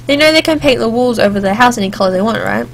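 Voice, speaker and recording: A woman's voice: on the high side, lively intonation, fast, a little hiss or hum. A woman playing a story game, reading its text aloud and breaking off for chatty, joking asides. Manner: chatty, jokey asides, sings snatches. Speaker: let's play gamer.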